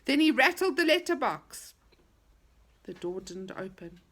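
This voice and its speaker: Storybook reader: woman, expressive, animated, bright high voice. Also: measured pace, a little hiss or hum. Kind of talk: reading a children's story aloud.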